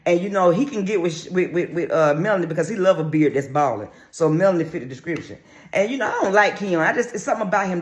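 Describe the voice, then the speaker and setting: A man's voice: sits high, animated, fast talker. A man giving sassy, brash, crude gossip commentary on a reality show in a casual vlog.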